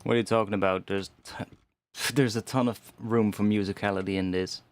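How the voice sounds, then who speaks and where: A man's voice: on the low side, steady tone, brisk, dry recording. A young man casually talking through his music production on a live stream, rambling and restarting his sentences as he thinks aloud, with some mild swearing.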